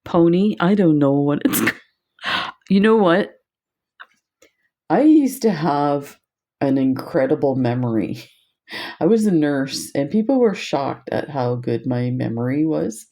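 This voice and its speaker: Older woman, French first language, rambling friendly craft teacher; slow, unhurried delivery. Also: low-pitched, lively intonation, dark tone. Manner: chatty, digressive, laughs often. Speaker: craft instructor. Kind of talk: casual crafting tutorial chat.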